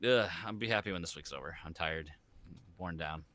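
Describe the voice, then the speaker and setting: A man's voice: sits low, fairly quick, pushed and bright, no room sound. A man co-hosting a casual podcast, rambling about his week and trailing off mid-thought. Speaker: podcast co-host. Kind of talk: casual chat.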